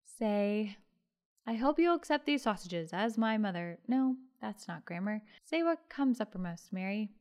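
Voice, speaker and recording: A good-humored young husband, calm and dryly teasing, as a woman reads him in an audiobook. He offers easy advice with a gentle joke. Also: mid-range voice, a little slow, natural voice.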